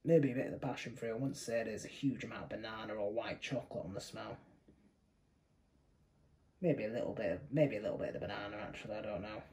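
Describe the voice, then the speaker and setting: A young British man with a lowish, dark voice talks quickly in a low-quality recording. His beer tasting review is casual, chatty and rambling, and he often corrects himself mid-sentence.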